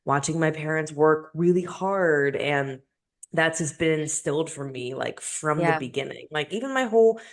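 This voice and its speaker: A woman's voice: deep voice, moderate pace. A young woman co-hosting a podcast in casual chat, rambling with lots of fillers and restarts. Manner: chatty, many fillers and restarts, laughs easily. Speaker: podcast co-host.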